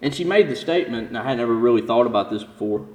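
A man preaching a sermon as pastor, building to intense emphasis and then dropping low and slow. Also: animated, reverberant, big-room sound.

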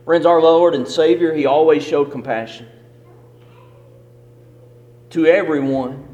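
A man's voice: fairly high pitch, unhurried, darkish tone, highs cut off. A man preaching a sermon as pastor, with an emphatic, repetitive cadence in a church sanctuary. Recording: long reverb of a hall.

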